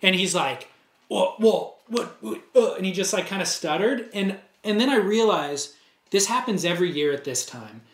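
A man with a high voice, chatting casually on a podcast. He tells stories with animation and acts out the other people's lines. The sound bounces around a roomy space. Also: normal speed. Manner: animated storyteller, acts out dialogue. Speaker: co-host telling a story. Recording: roomy echo.

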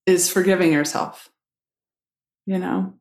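A woman pastor talks openly as a guest, frank and reflective with some blunt language. Her voice sits fairly low. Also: steady tone, takes it slowly, a little mellow, roomy sound. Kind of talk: candid conversation.

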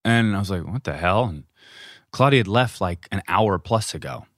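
A man co-hosting a podcast from home, telling a story in a lively, casual way, acting out quotes and swearing freely. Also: lowish voice, moderate pace, no echo, clean studio sound. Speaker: podcast co-host. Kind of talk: casual chat.

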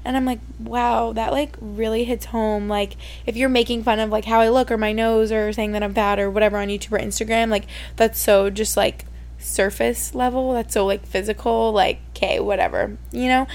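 A woman's voice: on the high side, little pitch movement, normal speed, creaky, darkish tone. A young woman hosting her podcast in casual solo chat, rambling with lots of "like" and openly emotional. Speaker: podcast host.

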